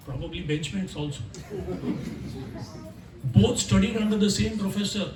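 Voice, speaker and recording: A man giving a scripture class at a home program, telling stories with lively voices for the characters. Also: sits high, slow pace, background noise. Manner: animated storyteller who acts out the characters' lines. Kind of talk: storytelling sermon. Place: home gathering room. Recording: echoey room, mic at a distance.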